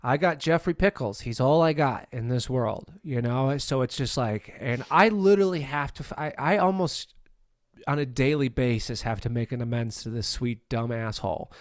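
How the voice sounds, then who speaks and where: A man's voice: medium pitch, moderate pace, no room sound, studio quality. A man hosting a candid conversation about recovery, blunt, profane and self-deprecating.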